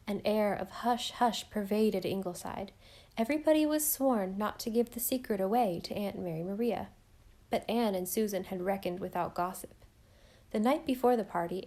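A woman reading a novel aloud in calm, even storytelling narration. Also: mid-range voice. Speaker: audiobook narrator. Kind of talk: scripted narration.

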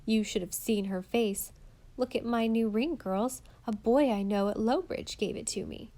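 A woman's voice: a little high, moderate pace, dark tone, lightly acted. A woman doing a boastful, gossipy schoolgirl. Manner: gossipy, self-important chatter.

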